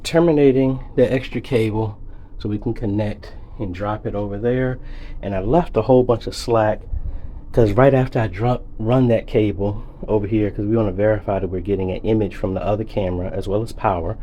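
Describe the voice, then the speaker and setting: A man's voice: on the low side, steady tone, fairly quick, dark tone, a little hiss or hum. A man talking casually to the camera while he works, calling his viewers folks and explaining each step as he goes. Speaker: AV installer vlogging a church job. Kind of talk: casual on-the-job vlog. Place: church building under renovation, indoors. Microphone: phone camera.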